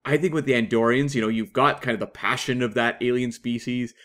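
A Canadian man co-hosts a casual podcast chat. He talks eagerly and loosely, with lots of fillers and quick asides. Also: medium pitch, fairly even intonation, a bit bright. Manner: chatty, enthusiastic, many fillers. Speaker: podcast co-host.

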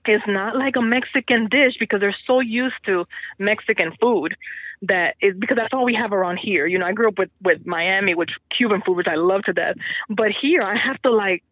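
A woman's voice: medium pitch, a little fast, breathy edge, dry recording. A woman from the Dominican Republic, a teacher, talking in an interview over the phone, chatty and laughing often. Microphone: telephone. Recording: tinny phone line.

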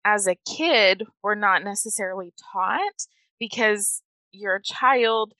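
A woman, a mother hosting a casual podcast chat, emotional and quick to laugh as she retells conversations. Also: medium pitch, no echo. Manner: warm, emotional, laughs often, retells dialogue.

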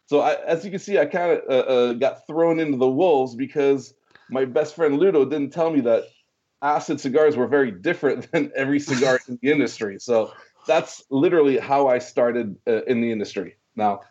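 Man, mellow low-key voice, restarts and repeats words, slightly dull recording. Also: moderate pace. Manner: animated storyteller, many restarts and repeated words, acts out quoted dialogue. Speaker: guest telling his career story. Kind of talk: casual storytelling interview.

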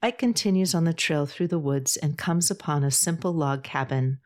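A woman narrating a novel in a measured, even storytelling voice. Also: deep voice. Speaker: audiobook narrator. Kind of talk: scripted narration.

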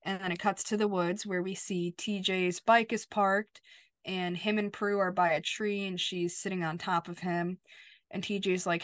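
A woman's voice: fairly low pitch, flat delivery, moderate pace, fairly bright tone, dry recording, clean studio sound. A young adult woman co-hosting a podcast, casually recapping a TV episode by quoting the characters' lines. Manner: retells scenes by quoting dialogue, "and he's like". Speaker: podcast co-host.

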